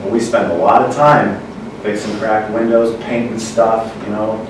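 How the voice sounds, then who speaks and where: A man's voice: lowish voice, fairly even intonation, moderate pace. Man teaching in an echoey room. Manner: repeats words, asks the audience questions. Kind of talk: informal teaching talk. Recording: roomy echo, far from mic, noisy.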